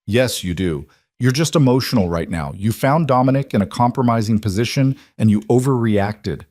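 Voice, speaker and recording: A man's voice: mid-range voice, animated, normal speed, a little mellow, dry recording, close to an everyday voice. A man reading a cold, disapproving rich mother. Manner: cutting, disapproving. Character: cold controlling wealthy mother, woman.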